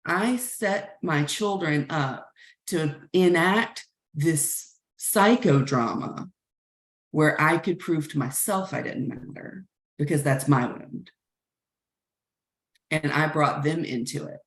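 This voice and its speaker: A woman in her thirties or forties shares a frank, reflective story with a class, her low voice carrying a gravelly edge. She speaks slowly and thoughtfully. The recording has a roomy echo. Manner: reflective, frank, many "like" fillers. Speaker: communication workshop facilitator. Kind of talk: candid personal story told to a class.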